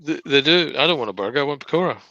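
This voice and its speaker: A man's voice: a little high, animated, rapid-fire, bright, forceful tone, dry recording. Jokey man on dull lo-fi call audio. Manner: jokey, plugs the channel between banter. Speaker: co-host on the live stream. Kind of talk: casual banter.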